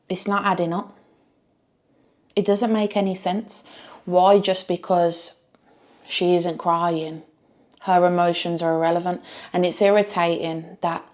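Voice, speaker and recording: A woman's voice: lowish voice, darkish tone. A woman giving blunt, emphatic reaction commentary on a reality show. She repeats phrases for effect and swears freely.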